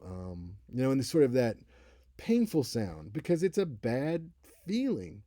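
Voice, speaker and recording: A man's voice: medium pitch, expressive, normal speed, mellow, no room sound, studio quality. A man in his thirties giving a casual, conversational college lecture on speaking, now and then acting out example voices. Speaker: college instructor. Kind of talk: recorded lecture.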